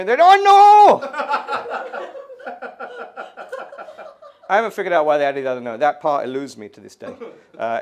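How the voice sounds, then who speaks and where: A middle-aged comedian ranting through a stand-up set. He sounds exasperated and swears freely, and his pitch leaps around expressively. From England. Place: art gallery stage, live audience.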